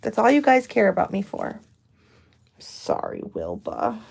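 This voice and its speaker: A woman's voice: mid-range voice, huge pitch swings, unhurried, creaky, a little mellow. A young woman on a farm, cooing and teasing her animals in a pen in casual chat. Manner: cooing baby talk to animals, playful teasing. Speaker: farm vlogger.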